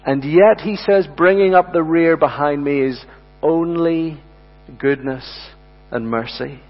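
A man preaching a sermon, earnest and emphatic, addressing the congregation as friends and slowing down to repeat key words. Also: a little high. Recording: dull sound with long hall reverb and mains hum.

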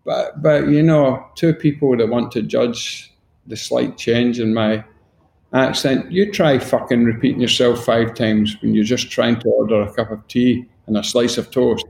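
A middle-aged Glaswegian man tells stories bluntly, swearing as he goes. His voice has a gravelly, rough edge. He sounds like he is sitting in an echoey room. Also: mid-range voice, measured pace, darkish tone. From Scotland. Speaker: guest. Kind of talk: casual interview chat.

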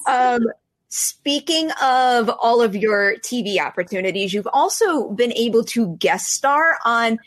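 Interviewer, woman, upbeat, somewhat high pitch, casual chat. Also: expressive, a little slow.

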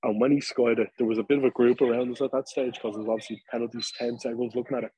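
An Irish man from Dublin tells a lively pub story on a casual podcast, peppering it with fillers and swearing. His voice is husky and slightly rough. The sound is dry and close, with no room around it. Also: mid-range voice, racing, no room sound, poor audio. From Ireland. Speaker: podcast co-host. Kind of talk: casual chat.

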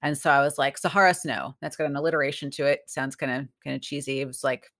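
A woman chatting casually as a podcast guest, telling lively stories and acting out the people she quotes. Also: very deep voice, fast talker. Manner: animated, acts out quoted voices. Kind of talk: casual storytelling chat.

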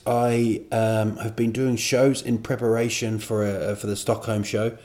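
Man, lowish voice, comedian, solo podcast chat, rambling, self-mocking, digressive. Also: level tone, unhurried, hardly any pauses, darkish tone. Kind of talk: casual solo podcast monologue.

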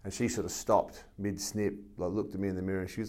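A man's voice: deep voice, fast talker. An Australian man, a former football captain, telling stories in a casual interview, laughing often and acting out the voices of the people in his stories. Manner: animated storyteller, laughs often, acts out voices.

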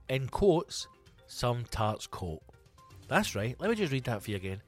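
A man hosts a comedy podcast, reading odd news stories aloud and tossing in sweary, sarcastic asides. His medium-pitched voice is sing-song and slightly rough, moving at a normal speed, with faint music in the background.

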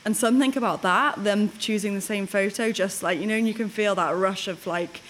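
A woman co-hosting a casual podcast chat. She tells stories in a relaxed, chatty way and grows animated when she acts out what people said. Her voice sits at an ordinary middle pitch. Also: fairly quick, a little hiss or hum. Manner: chatty storyteller, animated when retelling, laughs often. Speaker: podcast co-host.

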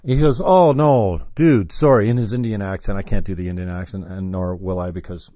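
A man's voice: deep voice, steady tone, fast talker, warm tone, no room sound, clean studio sound. Rambling man telling a story. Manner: rambling, self-interrupting, profane.

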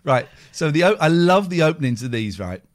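A man hosting a casual podcast, animated and prone to repeating himself with stammering restarts. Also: on the high side, brisk. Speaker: podcast host. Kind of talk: casual chat.

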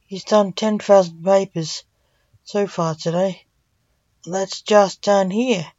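A woman's voice: mid-range voice, fairly even intonation, slow, a little mellow, no room sound, close to an everyday voice. A woman reading the lines of a fretful male assistant, worried and explaining, on a dull recording.

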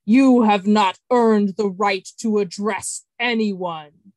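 A woman voicing a huge male mountain spirit who speaks slowly, loudly and with stern command. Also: medium pitch, fairly even intonation, dry recording, close to an everyday voice. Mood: thundering. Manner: slow, loud, commanding.

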